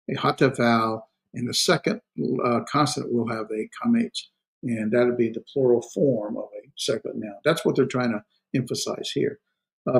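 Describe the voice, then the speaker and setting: A man teaching a seminary grammar class, speaking with many fillers and restarts and trailing off quietly on his asides. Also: medium pitch. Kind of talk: classroom lecture.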